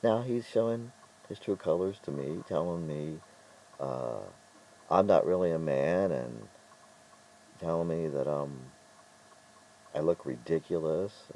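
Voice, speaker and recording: A middle-aged man telling stories in a casual vlog monologue, rambling and halting with frequent restarts. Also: a bass voice, animated, warm tone, low-quality recording. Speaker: vlogger.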